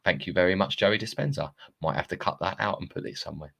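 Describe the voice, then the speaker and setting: Low-voiced rambling man on a phone live stream. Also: fast talker, gravelly, fairly bright tone, slightly rough. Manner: rambling, chatty, swears, laughs at himself. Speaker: live-streaming self-help coach. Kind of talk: casual live-stream monologue.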